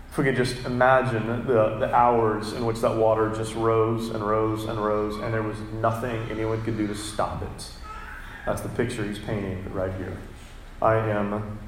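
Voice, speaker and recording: A man preaching a sermon as pastor, earnest, reading scripture aloud with measured pauses. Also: fairly low pitch, roomy sound, slight background noise, low-quality recording.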